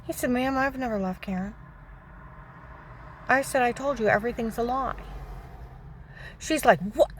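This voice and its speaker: A woman's voice: fairly high pitch, normal speed, pauses often, slight background noise. A middle-aged woman vlogging, telling a personal story in a casual monologue and indignantly retelling back-and-forth dialogue.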